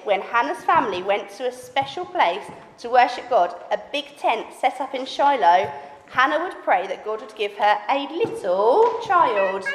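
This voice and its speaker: Lively woman telling children a story. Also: fairly high pitch. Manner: animated, teacherly. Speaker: children's ministry leader. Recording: echoey hall with faint background noise.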